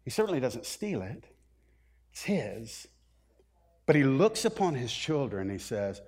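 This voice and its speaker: A man preaching a sermon as pastor, animated, dropping to a hush and then rising to loud, pleading lines. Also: medium pitch, measured pace, pauses often, husky. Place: church sanctuary.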